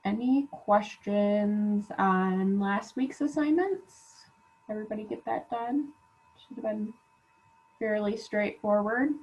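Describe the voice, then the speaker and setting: A woman college instructor giving relaxed class reminders with lots of "um" fillers, while feeling unwell. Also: medium pitch, slow pace. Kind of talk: recorded class announcements. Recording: dull lo-fi class recording.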